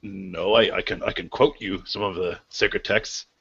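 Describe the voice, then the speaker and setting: A man voicing a grave male guardian of an ancient maze people, speaking slowly and formally. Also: low-pitched, steady tone, fairly bright tone, slightly rough, highs cut off, exaggerated voice.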